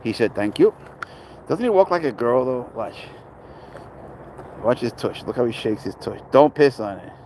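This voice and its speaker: A man's voice: medium pitch, very animated, normal speed, a little mellow, a little hiss or hum, low-quality recording. Blunt, swearing man chatting outdoors. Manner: rambling, blunt, swears freely. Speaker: pet owner and livestreamer. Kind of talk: casual livestream chat.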